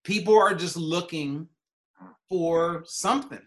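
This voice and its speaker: A man hosting a podcast, telling a lively anecdote in casual chat and often repeating words as he goes. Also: a little high, takes it slowly. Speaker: podcast host.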